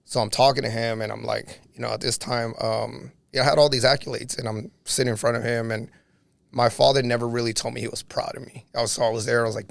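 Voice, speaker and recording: A man's voice: mid-range voice, flat delivery, quick pace, vocal fry, no echo. A man guest on a podcast, telling a personal story earnestly, with lots of "like" and "you know".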